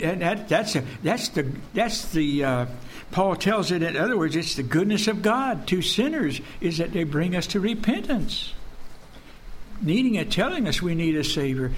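Earnest high-voiced male preacher. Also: sing-song, unhurried, a little hiss or hum. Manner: earnest, repetitive, drops to a hush for emphasis. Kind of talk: sermon.

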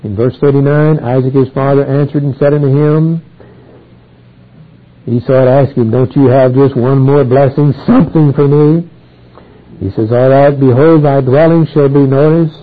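A man with a husky voice teaching through a Bible passage verse by verse, reading each verse aloud and then explaining it. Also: mid-range voice. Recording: tinny phone-like old recording.

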